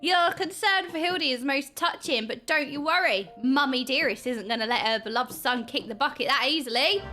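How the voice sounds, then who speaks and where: A woman's voice: high-pitched, moderate pace, hardly any pauses, sharp tone, faint music behind. A woman voicing a scheming mother figure in a shaky put-on Australian accent, theatrical and mock-sweet. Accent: attempted Australian.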